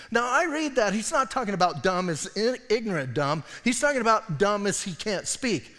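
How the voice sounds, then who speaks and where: Male pastor, casual and animated sermon storyteller, slightly high voice, with reverb from the hall. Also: moderate pace, hardly any pauses. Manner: animated, slangy storytelling with asides.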